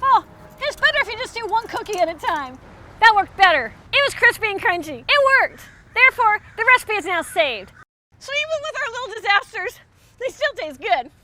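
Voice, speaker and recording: A woman's voice: very high voice, sing-song, fairly quick, sharp tone, a little hiss or hum. A woman hosting a comedic cooking show, talking in a theatrical, melodramatic way that swings into rants. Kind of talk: mock-dramatic comedy cooking monologue.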